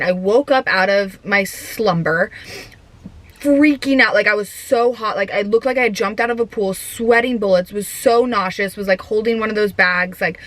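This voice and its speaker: Young woman, bright voice, dry close sound, chatty vlog talk, giggly. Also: mid-range voice, dry recording. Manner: chatty, giggly, lots of filler "like". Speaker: vlogger. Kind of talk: casual chat.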